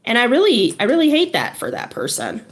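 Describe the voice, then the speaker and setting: A woman's voice: fairly high pitch, huge pitch swings, slight background noise. A woman who is a social worker, chatting casually and laughing while strumming a ukulele. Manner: chatty, laughing, unhurried storytelling.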